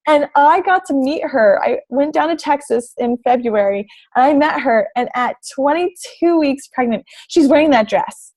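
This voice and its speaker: Young woman, fitness coach, talking through slides, bubbly and gushing, slightly high voice. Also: lively intonation, normal speed, hardly any pauses, darkish tone. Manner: bubbly and gushing, lots of "like" and "oh my gosh". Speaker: fitness coach presenting to prospective recruits. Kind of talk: enthusiastic presentation over slides.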